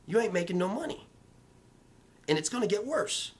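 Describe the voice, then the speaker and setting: A man's voice: a little high, sing-song, brisk. Emphatic man giving a motivational vlog talk. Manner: emphatic, repetitive, coaching tone. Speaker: real estate vlogger.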